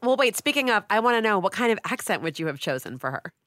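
A woman's voice: mid-range voice, very animated, quick pace, fairly bright tone, no echo, clean studio sound. A woman hosting a podcast, asking casual interview questions and laughing along. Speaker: podcast host.

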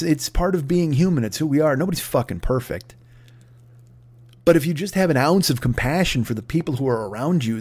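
A middle-aged man hosting his own show, ranting profanely and acting out the people he mocks. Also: fairly high pitch. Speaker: podcast host. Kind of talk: solo comedic rant.

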